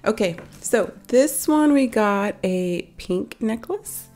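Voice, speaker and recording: A woman hosts a toy unboxing, talking right to her viewers in a chatty, self-correcting way with little laughs. Her voice is mellow and gravelly, and she sounds slightly under the weather. Soft music plays faintly behind her. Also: fairly high pitch, expressive, takes it slowly. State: voice a bit off from being sick. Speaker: toy unboxing channel host. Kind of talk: casual chatty unboxing narration.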